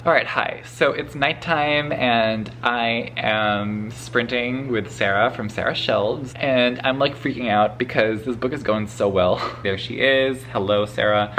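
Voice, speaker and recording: A man's voice: mid-range voice, a little slow, few pauses, fairly bright tone, slight background noise. A man chatting casually in a vlog about a book he is reading, swearing freely and laughing often. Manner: profane, gushing and laughing often. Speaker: book vlogger. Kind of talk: casual spoiler vlog talk.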